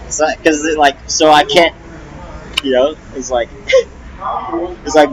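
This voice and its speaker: A man's voice: fairly high pitch, slow pace, pauses often, a crowd in the background, poor audio. A young man, a rapper, venting on a casual live stream, rambling and agitated, full of restarts and swearing.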